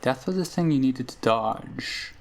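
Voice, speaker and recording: A man reading aloud the lines of an ancient, scheming female hag from a game, in a gravelly voice. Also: medium pitch, lively intonation, measured pace.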